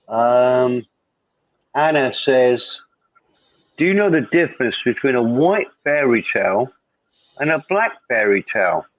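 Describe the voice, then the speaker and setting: A man's voice: mid-range voice, dry recording. A man hosting a casual live chat, rambling along and reading viewer comments aloud. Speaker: host. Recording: tinny phone-like line, dry.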